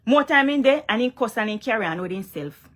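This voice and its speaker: Her voice sits on the high side with lively intonation, brisk and a bit bright. She's a young vlogger with a Jamaican accent addressing the camera casually, emphatic and repetitive, frequently asking "you understand?"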